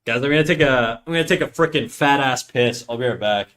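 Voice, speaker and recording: Brief: relaxed Canadian male streamer, mid-pitched, easygoing, casual cursing. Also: quick pace. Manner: laid-back, swears freely, thinks aloud with fillers. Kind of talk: casual live-stream chat.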